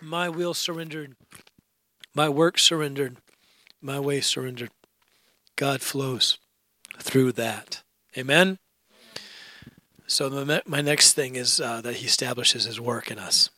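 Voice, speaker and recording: A man preaching a sermon, telling a personal testimony with laughter and rising to shouted praise. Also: medium pitch, slow pace, long pauses, no room sound. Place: church.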